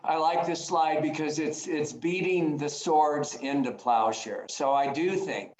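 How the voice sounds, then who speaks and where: A man's voice: a little high, unhurried, a little mellow, reverberant, slight background noise, rough recording. A man giving a conference talk over a video call, earnest and at times emotional, often restarting phrases. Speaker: conference speaker.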